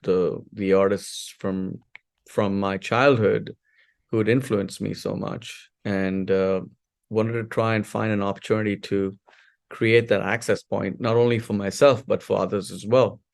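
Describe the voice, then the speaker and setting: A man in his forties from India, a podcast guest telling stories of his life in a lively, filler-heavy way. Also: fairly low pitch, a little slow, creaky. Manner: animated storyteller, many fillers and restarts. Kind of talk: casual interview storytelling.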